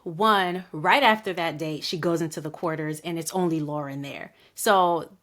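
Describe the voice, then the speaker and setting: A woman co-hosting a casual podcast, speaking in a slightly low voice. She is candid and opinionated and often breaks into laughter as she recaps episodes. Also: moderate pace, a bit bright. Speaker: podcast co-host.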